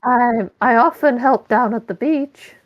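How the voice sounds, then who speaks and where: A woman voicing a Barbie doll pretending to be a charming Ken, laying on put-on smooth charm. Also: on the high side, a little slow, muffled recording, pitched above the performer's own voice, close to an everyday voice.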